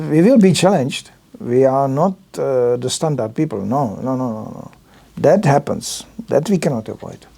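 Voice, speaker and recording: A man's voice: on the high side, vocal fry, warm tone. An older man giving an informal religious talk at a temple, telling anecdotes with slightly non-native phrasing and acting out other people's lines in changed voices. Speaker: visiting lecturer at a temple.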